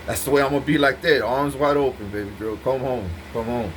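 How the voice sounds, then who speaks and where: A man's voice: medium pitch, a little fast, noisy background. A man giving an intense, profane, rambling monologue to the camera, repeating himself as he goes. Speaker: vlogger speaking to camera.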